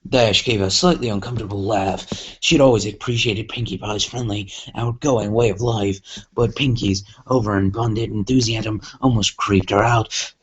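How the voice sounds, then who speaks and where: A man's voice: lowish voice, steady tone, moderate pace, husky, dull audio. A man rambling casually, self-mocking, while reading a story aloud over a game. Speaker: gameplay vlogger.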